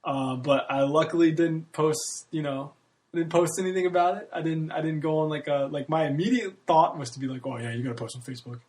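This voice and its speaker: Casting note: man, early thirties, solo podcast host, candid and profane, slightly high voice. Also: a little fast, a little mellow. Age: 30s. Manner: profane, candid, laughs often. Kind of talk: casual rambling monologue.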